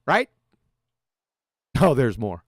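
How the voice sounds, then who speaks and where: Guy ranting and cussing at some critic, snarky, pitch all over the place, dead dry mic. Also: big pitch swings, very slow, no room sound. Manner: sarcastic, insulting, heavy swearing; dramatic swings from loud jabs to low mutters. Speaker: YouTube debunker. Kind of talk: profane mocking rant reacting to a critic.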